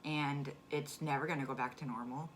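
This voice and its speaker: Low-voiced woman telling a personal story. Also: fairly even intonation. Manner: frank, halting with restarts, flares up when angry. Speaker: vlogger sharing a personal story. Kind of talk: candid conversational storytelling. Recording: clear background noise.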